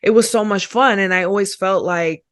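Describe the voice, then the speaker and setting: A woman's voice: mid-range voice, normal speed. A young woman, a podcast guest, reflectively telling her life story in casual chat.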